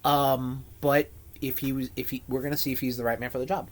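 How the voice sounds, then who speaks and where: A man co-hosting a casual podcast, rambling and animated, swearing freely as he chats. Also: medium pitch, fairly quick. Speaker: podcast co-host. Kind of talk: casual chat.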